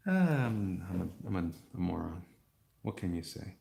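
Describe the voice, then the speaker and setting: A man's voice: low voice, big pitch swings, slow, creaky, pauses often, mellow. A man hosting a live stream, chatting casually with viewers while he draws, rambling and poking fun at himself. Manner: rambling, self-mocking, chuckles often; talks to the chat.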